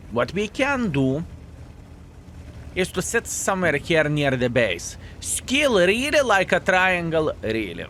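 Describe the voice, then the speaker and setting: A man commentating his own video game match to viewers, animated and self-mocking, calling them fellas, with slightly non-standard English phrasing. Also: on the high side, slight background noise. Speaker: video game player and channel host. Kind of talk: live gameplay commentary.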